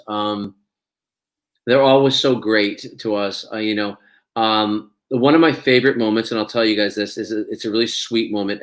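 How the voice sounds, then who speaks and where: A man's voice: on the low side, a bit bright. Chatty man telling anecdotes. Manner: chatty storyteller, laughs often. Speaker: actor and interview guest. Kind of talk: casual interview chat.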